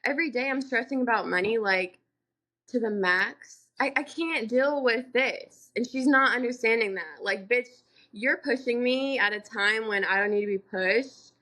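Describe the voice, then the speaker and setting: A young woman with a fairly high voice vents on a casual podcast. She tells her story hotly and bluntly, with a lot of profanity. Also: moderate pace, bright, forceful tone. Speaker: podcast co-host.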